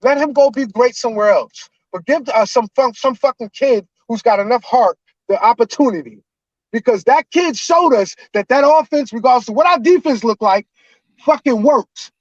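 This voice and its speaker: Man in his 40s, very high voice, loud emotional profane rant, dry muffled call audio. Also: normal speed, no room sound. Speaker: caller. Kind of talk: heated fan rant on a live call-in show.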